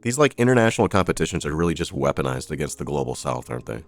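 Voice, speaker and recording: Brief: low-voiced male stream host, sardonic and profane, riffs on headlines over faint music. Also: big pitch swings, racing. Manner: sarcastic, profane asides while reading headlines. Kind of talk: political news commentary. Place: streaming setup.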